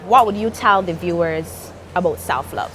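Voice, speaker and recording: A woman from Barbados, hosting an interview in a lively, encouraging way. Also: lowish voice, normal speed, music in the background. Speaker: show host. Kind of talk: upbeat interview chat.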